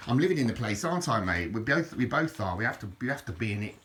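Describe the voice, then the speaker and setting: Bright, fast and sing-song, this medium-pitched male voice belongs to a book reviewer flipping through an old repair book. He chats casually and rambles, restarting sentences, on a noisy home recording.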